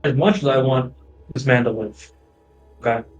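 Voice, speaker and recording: A man's voice: medium pitch, steady tone, moderate pace, husky, faint music behind, lightly acted, poor audio. A man voicing a big, blunt hooved warrior in a tabletop game, bargaining insistently. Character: brash young half-giant man with hooves.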